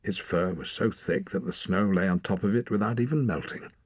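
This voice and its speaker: A man narrating an audiobook in a calm, measured storytelling manner. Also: low-pitched, dry recording. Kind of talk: scripted narration.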